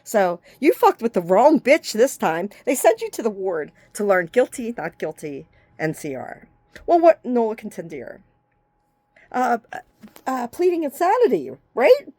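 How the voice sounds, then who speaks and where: A woman delivers a scattershot rant to the camera, her sentences breaking off and restarting as she leaps from one grievance to the next. Her voice sits on the higher side and swings dramatically up and down. She swears freely, and the sound is dry and close, with no room around it. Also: huge pitch swings, unhurried, mellow, dry recording. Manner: agitated, profane, jumps between topics; speaks in fragments with frequent restarts. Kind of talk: rambling direct-to-camera rant.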